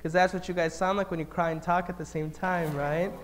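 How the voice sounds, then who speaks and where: An animated man giving a storytelling talk to children. He keeps turning to the kids with questions and swings from loud to hushed. His voice sits fairly high for a man. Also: a little fast. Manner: engages the audience with questions. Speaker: speaker at a children's event.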